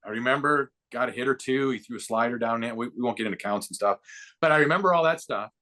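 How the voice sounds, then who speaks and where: A man in his fifties, a baseball broadcaster and former player, tells stories as a podcast guest, acting out quotes with growing excitement. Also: medium pitch, fast talker. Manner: lively anecdote-telling with voiced quotes and rising excitement. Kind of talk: casual storytelling interview.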